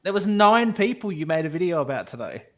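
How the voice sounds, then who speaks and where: A man's voice: fairly high pitch, big pitch swings, fairly quick, fairly bright tone. A man co-hosting a casual fan podcast, teasing his co-host and laughing easily.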